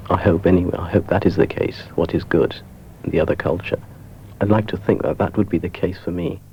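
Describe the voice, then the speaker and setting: Very deep-voiced East African man, reflective. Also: fairly even intonation, slight background noise. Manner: thoughtful, measured, self-correcting. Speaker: interviewee. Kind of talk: reflective interview answer. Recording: muffled 1970s radio recording.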